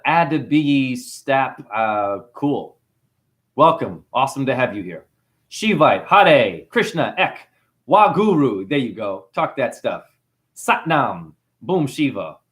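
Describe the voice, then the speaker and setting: A man's voice: mid-range voice, sing-song, takes it slowly, fairly bright tone. Rambling preachy New Zealand man. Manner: rambling, preachy, calls listeners honey. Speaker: livestream host. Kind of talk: livestream monologue reading chat.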